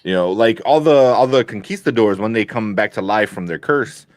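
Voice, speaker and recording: A man co-hosting a podcast, chatting about a movie in a rambling, animated way with lots of fillers. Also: fairly low pitch, normal speed, dry recording, clean studio sound. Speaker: podcast co-host. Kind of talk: casual movie review chat.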